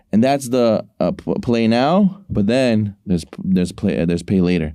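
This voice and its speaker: Low mellow-voiced man giving a Torah lesson. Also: animated, a little slow, hardly any pauses, no echo, studio quality. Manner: preachy, storytelling, acts out quotes. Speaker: co-host. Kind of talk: casual sports talk, giving a short Torah lesson.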